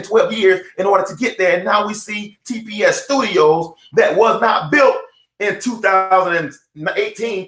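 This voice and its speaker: Emphatic male motivational preacher, high voice, roomy echo. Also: a bit bright. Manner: fervent, emphatic, repeats phrases. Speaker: motivational speaker. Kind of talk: preaching-style motivational talk. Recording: echoey room.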